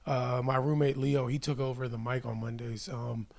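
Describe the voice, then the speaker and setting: A man in his thirties, a guest comedian, chatting casually on a podcast with a raspy voice and a laid-back, rambling way of talking. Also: medium pitch, fairly even intonation, normal speed, darkish tone.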